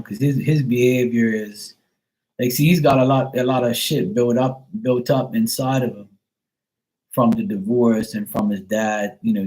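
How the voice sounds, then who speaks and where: A man's voice: mid-range voice, a little mellow, rough recording. A middle-aged man hosting a livestream, telling a rambling story full of blunt profanity in casual chat. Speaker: livestream host.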